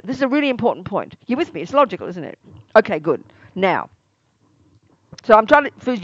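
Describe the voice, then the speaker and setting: Animated woman teaching Buddhist ideas. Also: medium pitch, no echo, muffled recording. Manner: lively, asks many rhetorical questions; acts out everyday exclamations. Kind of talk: teaching a meditation course.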